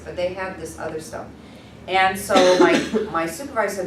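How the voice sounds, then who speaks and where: Animated woman presenter in an echoey room. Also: mid-range voice, quick pace. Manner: animated, conversational, candid. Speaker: workshop presenter. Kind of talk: storytelling teaching talk. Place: workshop room. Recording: echoey room from far off, noisy.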